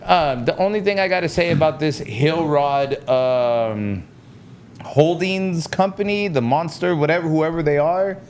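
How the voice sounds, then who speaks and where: An animated man with a Californian accent chats casually, tossing in slang and calling his friends bro. His voice sits a little high. A faint rumble hums in the background. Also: unhurried. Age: adult with children. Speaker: podcast co-host. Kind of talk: casual chat.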